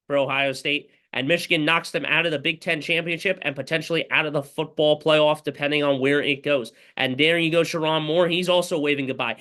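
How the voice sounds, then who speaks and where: A man's voice: fairly high pitch, steady tone, normal speed, sharp tone. A man giving a casual play-by-play recap of a football game as a fan, rambling and full of fillers. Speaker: fan commentator.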